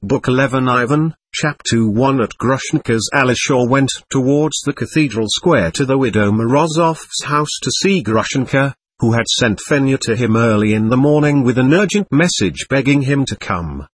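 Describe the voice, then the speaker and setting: A man narrating a classic novel for an audiobook in a measured, expressive storytelling manner. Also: mid-range voice, slightly rough. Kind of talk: scripted narration.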